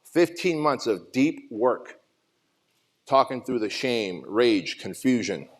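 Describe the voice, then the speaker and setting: A man's voice: mid-range voice, expressive, slow pace. A man in his forties from Armenia giving an emotional, profane motivational talk at a summit, telling his own story. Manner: raw, emotional storytelling with frequent swearing. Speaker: summit speaker. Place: conference stage.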